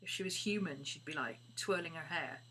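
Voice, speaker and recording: A woman's voice: low-pitched, fairly quick. A woman chatting casually while crafting on a live stream, often dropping to a murmur. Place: home craft studio. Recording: steady background hum.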